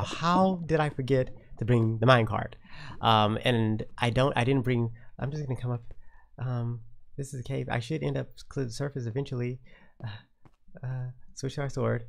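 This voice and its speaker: Gravelly-voiced man narrating his gameplay. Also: medium pitch, steady tone, normal speed. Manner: talks to himself while playing, frustrated outbursts. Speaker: Minecraft let's player. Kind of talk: uncut gameplay commentary.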